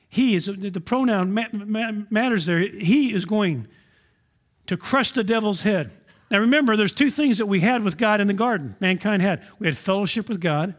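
Pastor guy preaching, fairly high voice, earnest, keeps asking questions. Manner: earnest, asks rhetorical questions. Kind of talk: sermon.

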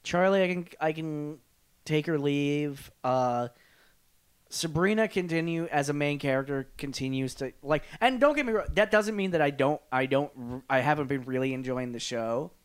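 A man with a smooth, clear voice chats casually as a podcast co-host. He rambles, circles back and corrects himself with plenty of fillers. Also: on the high side, animated, moderate pace. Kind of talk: casual chat.

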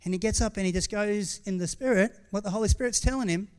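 High-voiced, candid pastor. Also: male voice, fast, clean tone. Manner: candid, conversational, with frequent restarts and asides. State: tearful at times. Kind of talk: sermon.

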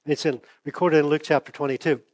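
A man preaching a sermon, conversational, acting out the dialogue with big swings from loud to hushed, and losing his voice. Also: fairly high pitch, fairly even intonation, fast. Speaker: pastor.

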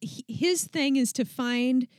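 A woman's voice: sits high, slow pace, a little mellow, dry recording, studio quality. A woman co-hosting a casual book podcast, talking with enthusiasm, rambling with many fillers and restarts.

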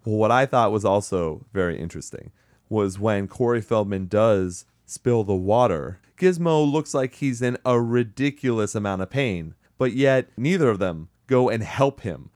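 A man's voice: fairly low pitch, expressive, moderate pace, a little mellow, dry recording, clean studio sound. Profane sarcastic man ranting about movies. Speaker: podcast host. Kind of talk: casual movie-review banter.

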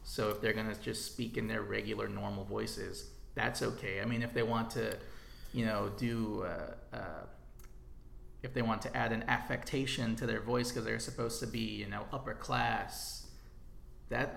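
A man's voice: on the low side, fairly even intonation, normal speed, vocal fry, fairly bright tone, slight background noise. A man co-hosting a casual film podcast, explaining old film history in an easy, informative way. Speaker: podcast co-host. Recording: roomy echo.

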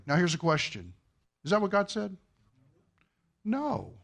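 A man's voice: sits high, very animated, unhurried, gravelly, long pauses. A man preaching a sermon. He keeps asking the congregation rhetorical questions and acts out quoted voices. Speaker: pastor.

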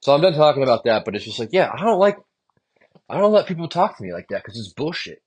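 Young male podcast host, solo ramble, swears a lot, pitch jumps all over, voice of frustration. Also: very animated, fast talker, husky. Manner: frustrated, profane, rambling venting. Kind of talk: solo stream-of-consciousness podcast monologue.

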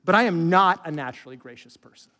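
A middle-aged male pastor preaching a conversational sermon, asking the audience questions and dropping into quiet asides. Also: on the high side, expressive, fast, long reverb tail.

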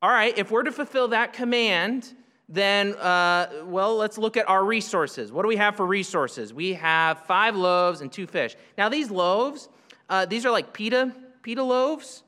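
A man's voice: sits high, unhurried, bright, forceful tone, big-room sound. A man preaching a verse-by-verse sermon in a conversational way, asking rhetorical questions and then answering them. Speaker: pastor. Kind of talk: expository sermon.

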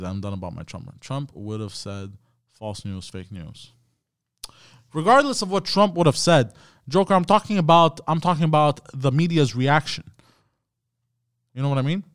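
In a fairly high voice, recorded at studio quality with no room sound, a man chats with his live stream audience. His talk is a casual, profane, wandering rant aimed at chat.

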